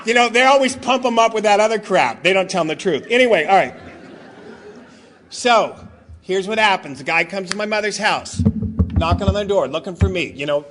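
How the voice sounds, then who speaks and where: A man's voice: high voice, animated, fairly quick, a bit bright, a little hiss or hum. A middle-aged man from Southern California giving a loose, joking, rambling talk as a guest speaker. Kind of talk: comic storytelling talk.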